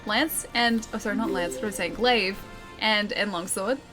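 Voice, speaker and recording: Game music plays as a young woman comments casually on her gameplay and reads chat, giggling, playing around and apologizing in mock fashion. She speaks at normal speed in a mid-range voice.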